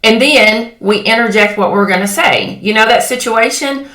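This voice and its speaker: A woman gives a motivational talk to women in a bright, forceful voice. She talks directly and keeps checking that her listeners are with her. Her voice rings around a room with a lot of echo. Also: fairly high pitch, moderate pace. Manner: direct and coaxing, checks in with "okay?" and "right?". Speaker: women's empowerment coach. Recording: echoey room.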